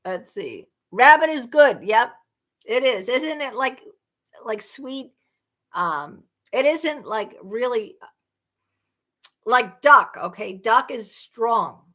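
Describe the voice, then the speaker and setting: A woman hosts a loose livestream chat, talking to her viewers in a rambling way. Her voice sits a little high and bright and swings widely in pitch. She breaks into indignant, disbelieving exclamations. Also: lively intonation, slow pace. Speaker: livestream host. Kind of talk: casual live chat.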